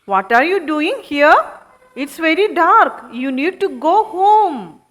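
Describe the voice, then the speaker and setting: A woman voicing a gentle, friendly male lion in a puppet show, speaking calmly and slowly. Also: very high voice, big-room sound, full character voice. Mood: kindly.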